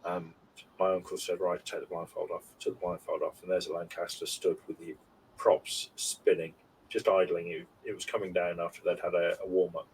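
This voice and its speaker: A man's voice: low voice, level tone, moderate pace, a little mellow. Rambling man in his forties. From United Kingdom. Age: 40s. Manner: rambling, heartfelt storytelling with many fillers. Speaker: podcast co-host. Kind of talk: casual chat. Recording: slightly distant mic with faint background noise.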